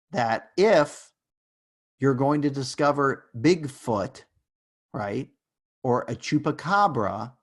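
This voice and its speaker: A man's voice: mid-range voice, slightly rough. Casual, joking male lecturer. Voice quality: casual, joking, rambling with fillers. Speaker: university lecturer. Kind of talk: online lecture.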